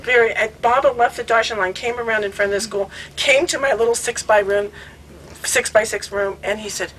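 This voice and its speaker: A woman casually telling a self-mocking story to friends in a lively way. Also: on the high side, brisk, a little hiss or hum, low-quality recording. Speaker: devotee sharing memories.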